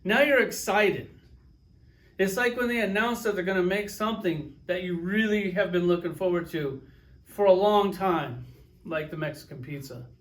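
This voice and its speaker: High-voiced man ranting about toys. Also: moderate pace. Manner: profane, sarcastic storytelling; riffs with acted-out quotes. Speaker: toy reviewer. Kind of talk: casual vlog rant and review.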